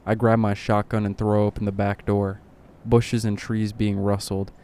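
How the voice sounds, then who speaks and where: A man narrating horror stories in a deadpan way, with occasional dry asides. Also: on the low side, moderate pace, smooth. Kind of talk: reading horror stories aloud.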